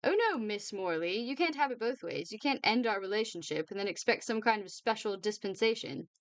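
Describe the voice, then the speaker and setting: A woman's voice: medium pitch, animated, fairly quick, no echo, close to an everyday voice. A woman voicing a sing-song, spiteful male headmaster.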